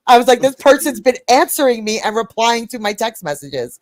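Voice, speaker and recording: A woman from New York hosts a livestream in a slightly high voice, recorded close and dry. She tells stories in a lively, animated way and swears freely as she goes. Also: fast, hardly any pauses, no echo. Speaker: livestream host. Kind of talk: casual storytelling.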